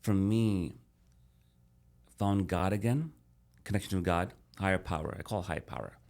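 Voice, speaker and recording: A man's voice: low-pitched, moderate pace, creaky, a little mellow. A middle-aged man, a podcast guest, telling his life story casually and animatedly, calling the host "bro".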